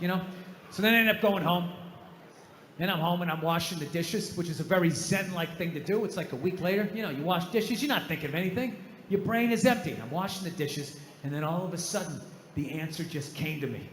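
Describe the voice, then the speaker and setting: A male comedian with a high voice tells a profane, animated stand-up story and breaks into mock rants. The sound rings through a large reverberant hall under a faint hiss. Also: brisk. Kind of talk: stand-up routine.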